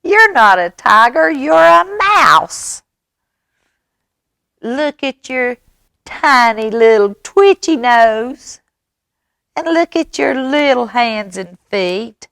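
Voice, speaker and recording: Woman doing a squeaky, boastful little mouse. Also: lively intonation, slow, gravelly, bright, forceful tone, clean tone, dry recording, studio quality, heavily acted. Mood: gloating. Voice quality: squeaky, gloating.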